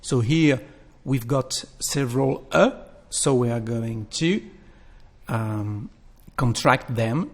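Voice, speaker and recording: Slow, patient male teacher. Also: medium pitch. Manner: patient, repeats phrases slowly for learners. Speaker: French teacher. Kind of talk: slow spoken language lesson.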